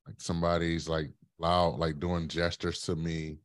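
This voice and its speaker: Man, low voice, blunt and animated, a podcast guest telling stories. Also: unhurried. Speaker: podcast guest, running coach. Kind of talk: casual interview storytelling.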